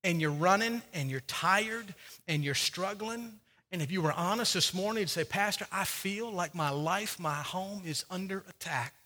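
High, bright-voiced preaching man. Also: moderate pace, in a large hall. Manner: preaching with rising and falling intensity, repeating phrases. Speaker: pastor. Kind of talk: sermon. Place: church sanctuary.

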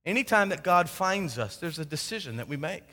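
A male pastor preaching a sermon, swinging between loud emphasis and hushed tones. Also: on the high side, animated, fairly quick. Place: church sanctuary with a congregation. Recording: long hall reverb.

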